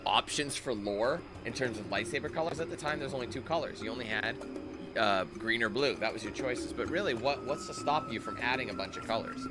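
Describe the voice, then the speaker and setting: A man giving casual gameplay commentary with rambling, joking asides. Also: medium pitch. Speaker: gaming streamer.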